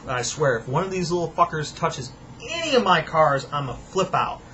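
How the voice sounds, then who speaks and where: A man's voice: fairly high pitch, sing-song, normal speed, bright, forceful tone, a little hiss or hum, poor audio. A young man at home delivering an angry, profane, sarcastic rant to his viewers. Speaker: vlogger. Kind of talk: profane ranting monologue.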